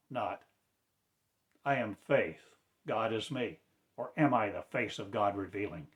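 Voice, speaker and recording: A man preaching in a slow, declamatory way, with sudden loud rises in his voice. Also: on the low side. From United States. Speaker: self-styled spiritual teacher. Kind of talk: impassioned preaching.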